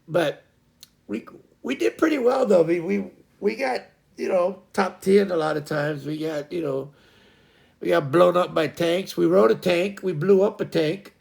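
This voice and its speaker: A man with a gravelly voice, pitched a bit higher than most men, chats casually as host of his own stream. He rambles and hunts for words with plenty of ums and uhs. He laughs while he tells a funny story. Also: darkish tone. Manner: rambling, searching for words with many fillers.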